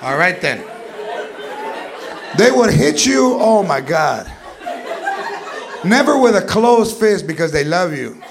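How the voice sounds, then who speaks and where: A man's voice: high voice, sing-song, slow, long pauses. A man doing stand-up comedy, acting out a scolding parent and mixing English with Spanish. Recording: live venue, loud crowd laughter and noise.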